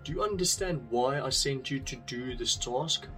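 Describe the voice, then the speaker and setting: A man voicing a wise, wealthy father in a spoken parable, giving calm, patient instructions. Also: mid-range voice, moderate pace, soft background music, pitched below the performer's own voice. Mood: explaining.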